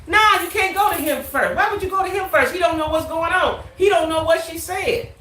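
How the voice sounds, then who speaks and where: A woman's voice: extremely high pitch, brisk, echoey room, slight background noise. A woman hosting a live stream, giving casual, emphatic commentary on a reality show and talking straight to her viewers. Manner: animated, emphatic, talks to viewers.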